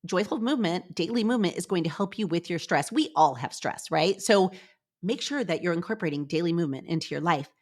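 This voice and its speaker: A woman's voice: on the low side, fast talker. A middle-aged woman hosting a motivational solo podcast from her office, upbeat and chatty, talking straight to her listeners. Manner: upbeat, chatty, animated, addresses listeners directly. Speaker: podcast host.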